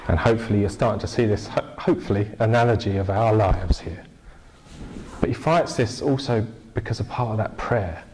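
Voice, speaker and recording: A man preaching a sermon in a relaxed, conversational way, telling stories with lively bursts and restarts. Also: fairly low pitch, a little fast, a little hiss or hum, low-quality recording. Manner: conversational, animated storytelling with restarts. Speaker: pastor.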